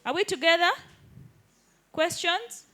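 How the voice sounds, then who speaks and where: A woman's voice: very high voice, expressive, measured pace, sharp tone. A woman teaching a live hands-on workshop in an indoor training room, keeps checking that the group follows. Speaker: digital skills trainer.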